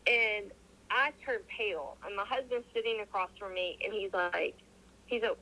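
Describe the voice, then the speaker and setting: A woman's voice: medium pitch, moderate pace, poor audio. A woman recounts her experiences to a host in a loose, chatty way. She slips into the voices of the people in her story and often restarts her sentences. The sound is a little thin, like a call line. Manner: animated, acts out quoted dialogue, frequent restarts. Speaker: interview guest. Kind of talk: casual storytelling.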